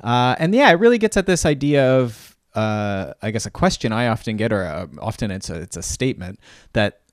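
A man's voice: mid-range voice, animated, fairly quick, no room sound, clean studio sound. A man co-hosting a podcast as a cycling coach, talking casually and thinking aloud with frequent restarts.

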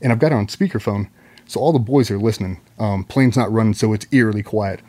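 A man's voice: on the low side, fast. A man, a guest on a podcast, telling casual stories about his wife with swearing and mock voices. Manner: swearing, animated anecdotes; does loud mock voices when quoting his wife. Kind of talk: casual storytelling.

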